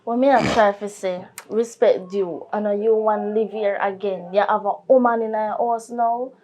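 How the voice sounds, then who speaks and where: A woman's voice: mid-range voice, steady tone, moderate pace, darkish tone, lightly acted. A woman with a Jamaican accent, playing a live-in partner who insistently complains in Patois about an intruding niece. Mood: complaining. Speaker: actor in a Jamaican film. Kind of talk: film acting.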